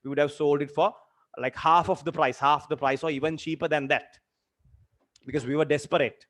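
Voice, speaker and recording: A man's voice: fairly high pitch, fairly even intonation, a little fast, fairly bright tone. Earnest young man telling a story. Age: 20s. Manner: earnest, speaks in short repeated phrases with many fillers. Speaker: literature teacher. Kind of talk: personal story in a webinar lesson.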